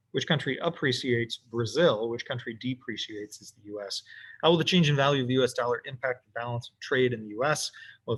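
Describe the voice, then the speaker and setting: A man's voice: mid-range voice, a bit bright. Casual man talking through a lesson. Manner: casual, talks to himself while drawing. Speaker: economics teacher. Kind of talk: recorded lesson while sketching graphs.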